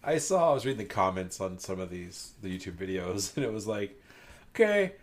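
A man running a relaxed podcast conversation with friends. He talks in a loose, easygoing way and laughs often as he moves the talk along. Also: deep voice, brisk. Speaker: podcast host. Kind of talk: casual chat.

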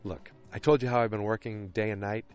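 A man's voice: on the low side, fairly quick, smooth, faint music behind. A tired man casually recapping a TV episode, rambling with lots of fillers. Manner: rambling, filler-heavy, animated retelling.

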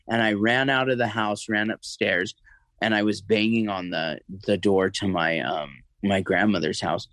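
A man's voice: fairly low pitch, fairly even intonation, a bit bright, dry recording, poor audio. Man telling a personal story, close and dry. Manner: halting, emotional, many restarts and fillers. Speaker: interview guest.

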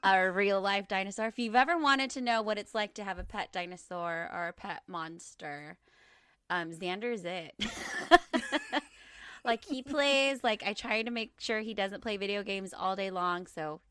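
A woman's voice: medium pitch, measured pace, a bit bright, clean tone, no echo, clean studio sound. A woman co-hosting a podcast, chatting casually and laughing often. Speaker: podcast co-host. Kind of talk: casual chat.

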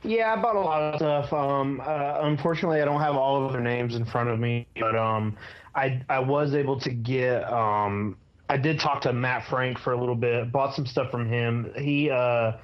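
A man co-hosting a podcast, talking in a hesitant casual way with many pauses and ums. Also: mid-range voice. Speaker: podcast co-host. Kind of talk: casual chat. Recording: slightly dull sound.

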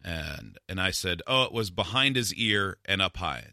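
A man's voice: deep voice, animated, moderate pace, gravelly, sharp tone, no echo, studio quality. A man hosting a casual talk show, telling a long story about himself with rambling asides and self-deprecating humor.

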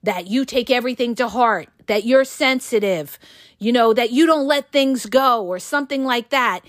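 A woman with a high voice gives blunt, emphatic advice on her podcast. She swears casually and keeps checking in with her listeners. The recording is close and dry, with no room sound. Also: normal speed, dry recording. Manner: blunt and emphatic, with frequent "okay?" and "all right?" check-ins. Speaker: podcast host.

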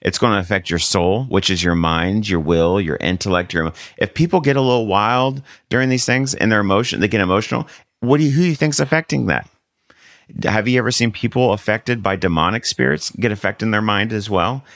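A man's voice: fairly low pitch, fairly quick, a bit bright, dry recording, studio quality. A male pastor, a guest on the show, telling his testimony in a rambling, conversational way with lots of fillers. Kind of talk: storytelling testimony in casual chat.

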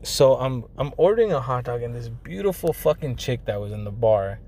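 A young man recounts a personal story with lively intonation and a brisk pace, his mid-range voice a little mellow. He keeps it casual and foul-mouthed, slangy and filler-heavy with "like" and "you know," weaving Spanish phrases into his English.

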